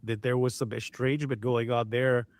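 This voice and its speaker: A man casually and excitedly recapping a documentary on a podcast, often quoting the people in it. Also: mid-range voice, moderate pace, dry recording, studio quality. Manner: excited retelling, quotes people. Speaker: podcast co-host.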